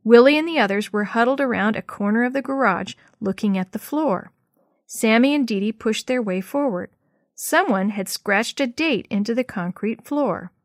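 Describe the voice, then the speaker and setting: A woman narrating a children's chapter book aloud, telling it in a clear, expressive way. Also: fairly high pitch, moderate pace, dry recording, clean studio sound.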